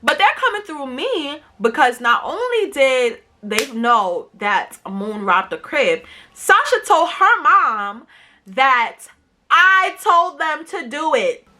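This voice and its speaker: A woman's voice: high-pitched, sing-song, slow, pushed and bright. A young woman telling a storytime vlog in a casual, slangy, emphatic way, acting out quotes and swearing for emphasis. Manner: profane, emphatic asides. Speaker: vlogger.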